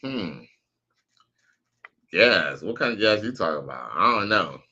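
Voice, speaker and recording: Deep-voiced laid-back male streamer. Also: very animated, a little slow, pushed and bright, husky, lo-fi sound. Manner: laid-back, slangy, profane, reads out chat messages. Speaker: streamer reacting to videos and chat. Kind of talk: casual live-stream commentary.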